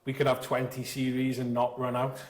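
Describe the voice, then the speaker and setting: A man's voice: medium pitch, completely flat delivery, brisk, rough recording. A man hosting a casual podcast chat, joking and teasing his guest. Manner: joking, teasing, laughs often. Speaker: podcast host.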